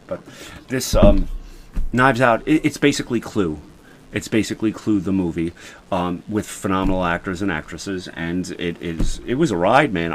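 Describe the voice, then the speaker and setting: A man, a podcast co-host, chatting casually in an animated, laughing, rambling way. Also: low-pitched, slight background noise. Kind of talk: casual chat.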